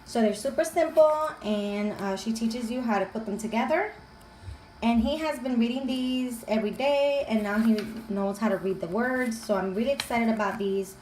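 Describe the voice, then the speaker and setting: A woman's voice: fairly high pitch, moderate pace, darkish tone, a little hiss or hum. A woman, a homeschooling mom and channel host, chatting enthusiastically through a show-and-tell vlog at home. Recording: echoey room with faint ambience.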